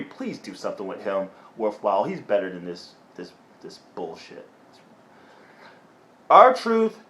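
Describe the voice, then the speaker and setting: Heated, profane man ranting on a podcast. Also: a little high. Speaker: podcast host. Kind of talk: solo wrestling podcast rant.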